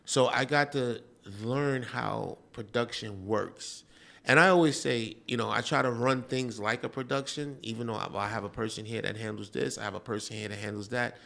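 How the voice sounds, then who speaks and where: A man hosts a relaxed interview. His voice is gravelly and rough at the edges. He rambles through his stories and keeps dropping "you know.". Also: mid-range voice, moderate pace. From Queens, New York. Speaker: host. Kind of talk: casual interview chat.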